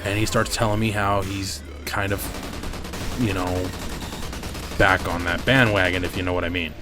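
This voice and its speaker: A man's voice: low-pitched, level tone, moderate pace, over music. Candid, swearing gaming host man. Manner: candid, profane, rambling. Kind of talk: casual storytelling over gameplay.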